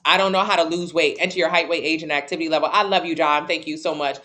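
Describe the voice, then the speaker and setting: A woman's voice: sits low, steady tone, fast, a bit bright. A woman fitness coach answering viewers live, blunt and emphatic, repeating key points in casual slang. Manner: casual slang-heavy talk.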